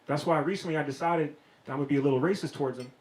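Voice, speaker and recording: A man's voice: fairly high pitch, very fast. A man from Maryland doing a stand-up comedy set on a club stage, talking in loose slang and laughing through his lines. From Maryland, United States. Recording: roomy club with loud crowd laughter. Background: audience laughter.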